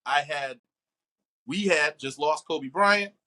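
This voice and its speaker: A middle-aged man, an actor, talking animatedly in an interview and acting out quoted voices. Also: slow. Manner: expressive, acts out quotes with big pitch jumps.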